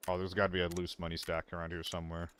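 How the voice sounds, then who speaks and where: A man's voice: sits low, monotone, racing, a bit bright, slight background noise. A man streaming a shooter game, chatting casually and mocking himself while he loots and talks to his chat. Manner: rambling, self-mocking banter with chat. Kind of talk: casual gameplay commentary.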